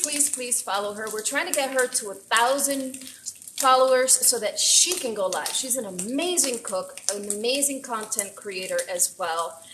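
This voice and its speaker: A woman chef hosting a casual live cooking stream, chatty and excitable as she greets viewers from her kitchen. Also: on the high side, slight background noise, rough recording. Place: home kitchen. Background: faint frying and sizzling.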